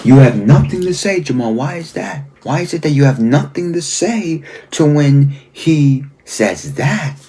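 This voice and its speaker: Scolding pastor calling someone out. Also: male voice, fairly high pitch, expressive, dark tone, breathy edge. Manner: scolding, repeatedly calls out the person by name; slow, deliberate emphasis on key phrases. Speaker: pastor commenting on a video. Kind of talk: confrontational commentary and reading aloud.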